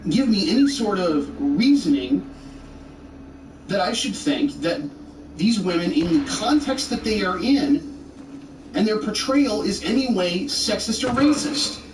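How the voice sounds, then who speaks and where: A man rants back at a video in a sarcastic, exasperated tone, his voice sitting a little high for a man. He sounds set back from the mic in a roomy space, with a faint hiss of noise underneath. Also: distant mic. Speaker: commentator rebutting a video. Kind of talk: argumentative commentary.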